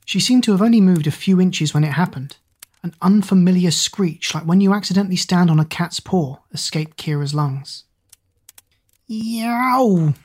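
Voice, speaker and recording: A woman narrating an audiobook in a steady, expressive storytelling manner. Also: lowish voice, moderate pace, husky.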